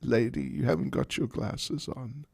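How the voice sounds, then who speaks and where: A man voicing a bold, quick-witted young woman who makes arrogant, dismissive retorts. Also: mid-range voice, very animated, vocal fry, darkish tone, slightly rough, no echo, heavily acted.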